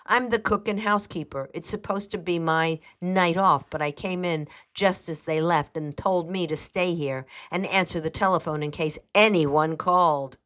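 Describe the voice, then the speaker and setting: A woman reading aloud, voicing a nervous middle-aged housekeeper with a sharp, high-pitched voice and an evasive, hesitant way of answering. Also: normal speed, few pauses, natural voice.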